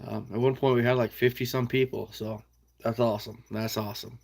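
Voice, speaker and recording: A man's voice: mid-range voice, flat delivery, a little fast, gravelly, darkish tone. A man with an American Midwest accent hosting a casual livestream, reading out viewer comments in an easygoing, folksy way with frequent chuckles. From Iowa.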